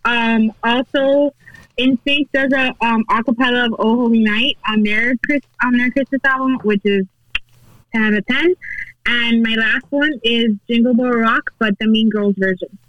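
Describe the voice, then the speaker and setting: A woman's voice: fairly high pitch, fairly even intonation, normal speed, no room sound, highs cut off. A woman chatting casually on a podcast, frank and hesitant with fillers. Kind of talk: casual chat.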